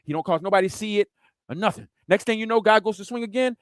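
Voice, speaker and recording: A pastor, preaching a sermon in an animated way and acting out the scenes he describes. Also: high-pitched, fast talker, no room sound, clean studio sound. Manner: animated, acts out scenes and sounds.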